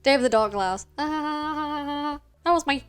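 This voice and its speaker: A woman voicing an excitable, friendly ghost dog who chatters sweetly. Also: sits high, slow, soft background music. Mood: excited.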